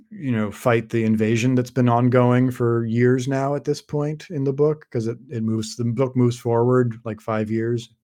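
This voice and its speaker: A man with a mid-range, darkish voice chats casually as a podcast host, summarizing a fantasy novel. His rambling account is packed with fillers and frequent restarts.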